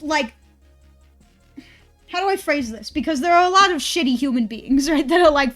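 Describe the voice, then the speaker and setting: A woman's voice: high voice, a bit bright. A woman streamer in casual stream chat, ranting and rambling with a lot of swearing.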